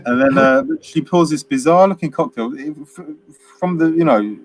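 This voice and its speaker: A man's voice: a little high, moderate pace, slight background noise. A man co-hosting a casual film chat, rambling through scenes, laughing often and acting out bits of dialogue. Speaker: film podcast co-host.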